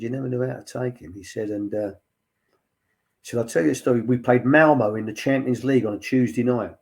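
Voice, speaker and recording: A man's voice: medium pitch, a little mellow. An older man, a former football academy director, chatting as a guest and retelling stories with many fillers and repeated "he said.". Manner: chatty storyteller, lots of "he said" and fillers. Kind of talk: anecdotal casual chat.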